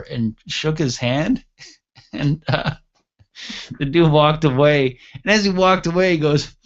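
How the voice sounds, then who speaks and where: A man with a somewhat high voice spins a long, casual anecdote as a show host, jumping into loud, animated impressions of the people in it. The sound is dull and lo-fi, like a cheap web radio stream. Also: moderate pace. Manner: animated, acts out quoted voices loudly. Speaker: podcast host. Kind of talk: casual storytelling. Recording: dull lo-fi audio.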